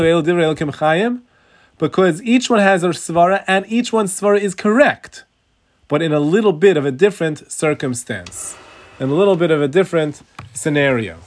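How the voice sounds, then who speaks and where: A man teaching a Talmud class over a video call, explaining slowly, stressing key words and telling a story. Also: fairly high pitch, lively intonation.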